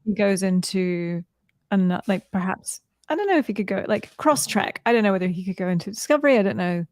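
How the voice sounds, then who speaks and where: A woman's voice: mid-range voice, expressive, a little fast, a little mellow, no echo. A woman co-hosting a podcast in casual chat, wry and thinking aloud. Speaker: podcast co-host.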